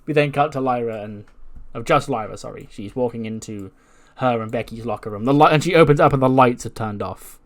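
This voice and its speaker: A man's voice: mid-range voice, fairly quick, few pauses. A man casually narrating a wrestling management game, chuckling at his own storylines. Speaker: gaming channel host. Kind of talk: casual let's-play narration.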